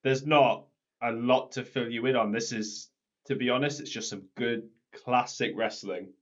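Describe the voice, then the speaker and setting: Guy co-hosting a podcast, easygoing chat, mid pitch, kinda muffled lo-fi audio. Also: steady tone, normal speed, a bit bright. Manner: leads the talk and walks his co-host through the event. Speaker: podcast co-host. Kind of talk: casual chat.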